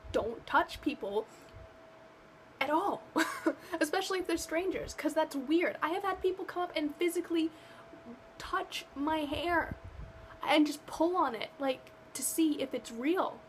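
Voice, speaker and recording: A woman's voice: sits high, a little slow, a little hiss or hum, low-quality recording. A young woman ranting to camera in a vlog, exasperated and sarcastic, rambling with lots of fillers. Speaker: vlogger. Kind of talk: casual rant to camera.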